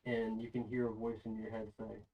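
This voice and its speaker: A man's voice: on the low side, monotone, a little fast, lo-fi sound. A man running a tabletop game as game master, narrating the action loosely with many fillers. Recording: voice a bit far from the mic.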